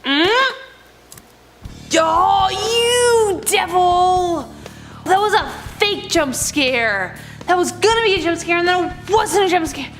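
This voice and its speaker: A woman's voice: extremely high pitch, expressive, moderate pace, hardly any pauses, a bit bright. A woman reacting to scary video clips, with jumpy exclamations and chatty asides. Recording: music clearly playing behind.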